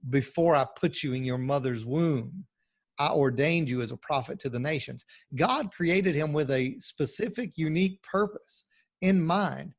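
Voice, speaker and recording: A man speaking as a pastor guest on a podcast interview, emphatic and preacherly, with frequent restarts. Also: fairly high pitch.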